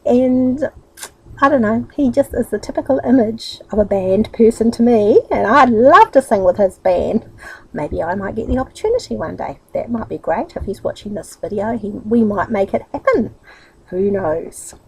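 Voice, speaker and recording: Gravelly-voiced New Zealand woman vlogging. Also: medium pitch, lively intonation, moderate pace, a little mellow, a little hiss or hum, low-quality recording. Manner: chatty, rambling, upbeat. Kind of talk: casual motivational vlog talk.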